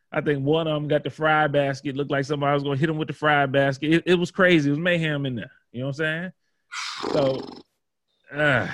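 A man's voice: a little high, no echo, clean studio sound. A man hosting a podcast, telling rambling, profane stories in casual chat. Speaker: podcast host.

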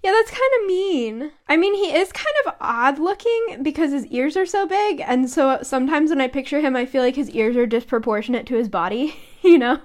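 A woman co-hosting a fan podcast in a casual, giggly tone. Her voice sits high. She moves easily between chatting and reading passages aloud. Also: lively intonation, normal speed, few pauses. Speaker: podcast co-host. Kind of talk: casual chat and book read-aloud.

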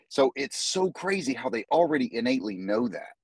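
A man, a jiu-jitsu instructor, talking as a guest in a casual podcast interview, animated and full of restarts. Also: medium pitch, fairly quick, husky, no echo, low-quality recording. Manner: animated storyteller, many restarts.

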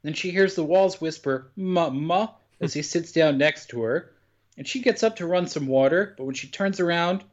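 A man with a slightly high voice chats casually on a podcast, recapping a film scene by scene. He tells it with lively jumps in pitch and a loose, swearing humor. The sound is a bit dull and lo-fi. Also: moderate pace. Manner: animated storytelling with sudden pitch jumps, swears freely. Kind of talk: casual chat.

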